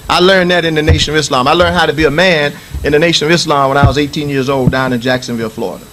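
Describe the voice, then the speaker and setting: A man's voice: a little high, fairly even intonation, very fast, hardly any pauses, a bit bright, a little hiss or hum, rough recording. A middle-aged man from the United States giving a Friday sermon as imam in a mosque, preaching emphatically with repetition and reciting Arabic scripture.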